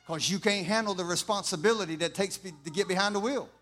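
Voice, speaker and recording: A middle-aged man preaching an impassioned sermon, building from quiet talk to fervent shouting and repeating his lines. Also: high voice, fast. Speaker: pastor.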